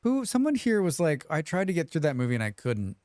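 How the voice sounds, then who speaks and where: A man's voice: a little high, huge pitch swings, fast talker, darkish tone, slight background noise. A man streaming a survival game live, chatting casually, reading viewer comments aloud and humming to himself as he plays. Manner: chatty, reads chat aloud and hums to himself.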